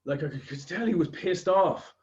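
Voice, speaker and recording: An Irish man with a fairly high voice tells a long anecdote on a podcast, peppering it with swear words. The sound is a bit dull and lo-fi. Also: lively intonation, moderate pace, darkish tone. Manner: swears freely, rambling anecdotes. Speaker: podcast host. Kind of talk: casual podcast chat, storytelling.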